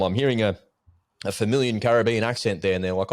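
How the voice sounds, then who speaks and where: Male podcast co-host, low voice, animated storyteller, dry close sound. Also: quick pace, no echo. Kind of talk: casual podcast chat.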